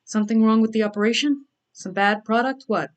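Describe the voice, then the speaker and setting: A woman's voice: on the high side, close to an everyday voice. A woman voicing a brash young adult man, a mobster's son, who talks casually and answers bluntly. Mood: curious. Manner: casual, blunt, quick retorts.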